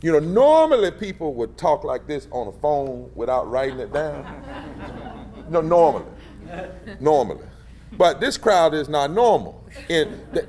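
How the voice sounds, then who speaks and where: A man's voice: mid-range voice, very animated, a little slow, darkish tone. A man, speaking as a civil rights leader at a press event, in a rhythmic, emphatic preacher style that swells on key phrases. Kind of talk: impassioned preacher-style public address. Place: indoor press gathering.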